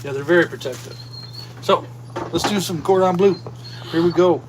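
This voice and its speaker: A man co-hosting a cooking stream, calmly explaining each step as he cooks. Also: high-pitched, moderate pace, background noise. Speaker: cook, co-host. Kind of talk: casual cooking demonstration.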